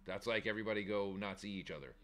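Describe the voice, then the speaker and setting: Bright, lower-pitched man chatting loosely. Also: fast. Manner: rambling and candid, swears freely, laughs easily. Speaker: shop owner hosting a weekly chat show. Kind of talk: casual chat.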